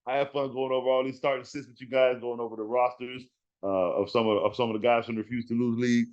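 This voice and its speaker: A man hosting a fantasy football podcast in casual talk, animated and trash-talking, repeating words for emphasis. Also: medium pitch, quick pace, lo-fi sound.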